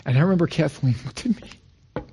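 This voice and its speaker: A middle-aged male pastor from Rochester, New York, preaching a sermon and acting out quoted lines with rising pitch. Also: lively intonation, brisk, mellow, husky.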